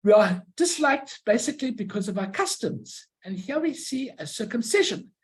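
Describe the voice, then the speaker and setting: Halting woman giving an informal lecture. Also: a little high, expressive, low-quality recording. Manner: halting, searches for words, tells anecdotes. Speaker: lecturer on stamps and postcards.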